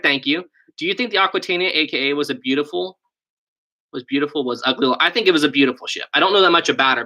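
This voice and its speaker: West virginia accent young guy on a stream, super bright voice, answering chat questions off the cuff. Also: fairly high pitch. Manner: chatty, reads and answers viewer questions, thinks aloud. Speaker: live stream host. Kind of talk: casual live stream chat. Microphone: desk USB microphone.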